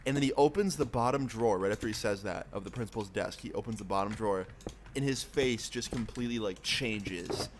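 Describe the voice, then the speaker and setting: A young adult man streamer telling a story in a casual, profane, animated way, with a noisy background of keyboard clicks. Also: on the low side, brisk.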